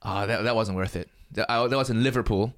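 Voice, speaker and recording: A man's voice: fairly low pitch, fast. A man from Malaysia, a stand-up comedian, telling laid-back stories in casual chat and swearing freely.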